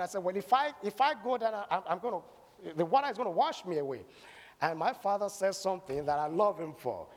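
A man with a fairly high voice preaches a sermon built around a personal story, told dramatically with a lively, swooping delivery before he rises into loud calls to faith. The long reverb of a large hall rings around his voice.

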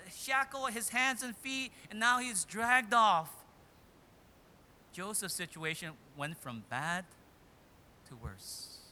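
A man preaching a sermon, retelling a story dramatically and swinging between loud and hushed delivery. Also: high-pitched, a little hiss or hum.

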